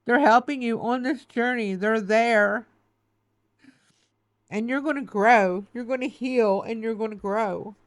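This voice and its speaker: A woman's voice: on the high side, measured pace, dry recording. Tearful woman giving tarot reading. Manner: emotional, reassuring, repetitive, says "okay" and "baby". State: close to tears. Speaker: tarot reader.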